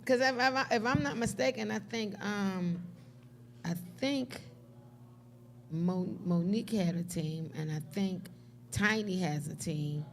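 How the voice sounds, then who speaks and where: A sassy, eager woman co-hosts a comedy podcast, always talking herself up. Her voice sits at an ordinary pitch, with a faint hiss behind it. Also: measured pace. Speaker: podcast co-host. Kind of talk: casual panel chat.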